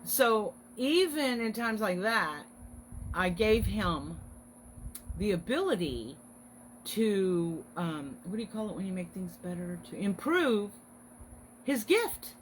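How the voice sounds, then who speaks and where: A woman's voice: mid-range voice, expressive, slow, a little hiss or hum, rough recording. A woman hosting a casual livestream, talking in an earnest, encouraging way. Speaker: host.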